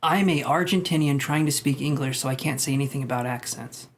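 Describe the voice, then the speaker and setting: A man's voice: medium pitch, a little fast, a little hiss or hum. A young man hosting a live stream, chatting casually with viewers and rambling with self-deprecating jokes. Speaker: tarot livestream host. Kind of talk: casual live-stream chat reading comments.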